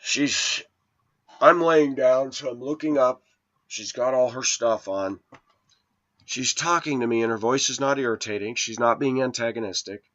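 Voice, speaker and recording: A man's voice: medium pitch, normal speed, fairly bright tone, highs cut off. A man in his forties telling a rambling personal story in an indignant, preachy way to his viewers. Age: 40s. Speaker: vlogger.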